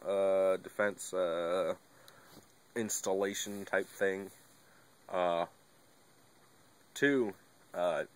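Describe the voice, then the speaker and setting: A young man talking casually to his camera, rambling and laid-back, with lots of fillers and the odd curse word. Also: low-pitched. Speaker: vlogger. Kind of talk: casual monologue.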